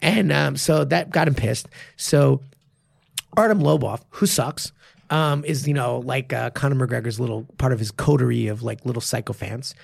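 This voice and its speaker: A man's voice: medium pitch, creaky, dry recording, studio quality. A man who coaches martial arts and co-hosts a podcast, talking casually and with animation, swearing freely. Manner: animated, swears freely, quick bursts of enthusiasm. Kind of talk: casual chat.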